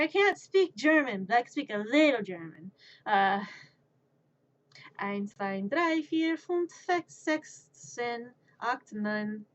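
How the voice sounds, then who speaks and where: A woman's voice: mid-range voice, dull audio. A woman streamer in a casual chat who rambles, mocks herself and laughs at herself. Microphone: streaming microphone.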